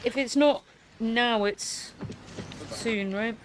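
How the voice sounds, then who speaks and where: A woman's voice: a little high, extremely slow, noisy background. A woman casually commenting on a historical film, rambling with fillers and the odd swear word. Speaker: political commentary streamer.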